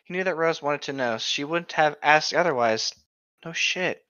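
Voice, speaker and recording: A young man with a bright, higher-set voice reads fan fiction aloud and throws in goofy jokes. He is a playful co-host, recorded close and dry. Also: normal speed, dry recording, highs cut off. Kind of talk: fan fiction reading and commentary.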